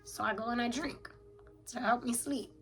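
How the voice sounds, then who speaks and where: A woman's voice: fairly high pitch, moderate pace, fairly bright tone, faint music behind, poor audio. A woman in her thirties speaking in a candid confessional journal, weary and blunt, swearing often. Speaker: mother journaling on camera.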